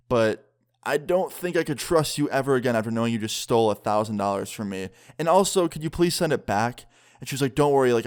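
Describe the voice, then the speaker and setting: A man's voice: mid-range voice, clean tone. A young man casually telling a personal story in a storytime vlog, full of "like" and quoted dialogue. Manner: casual, filler-heavy retelling with "like". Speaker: vlogger.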